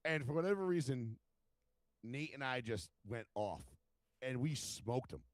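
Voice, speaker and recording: A man casually telling profane, animated stories as a podcast co-host and acting out other people's lines. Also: mid-range voice, a little slow, dry recording. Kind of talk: casual chat, storytelling.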